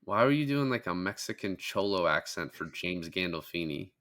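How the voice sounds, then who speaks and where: A man's voice: sits low, animated, normal speed, a bit bright. A young man co-hosting a casual film review podcast, retelling scenes with lots of swearing and fillers. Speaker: podcast co-host.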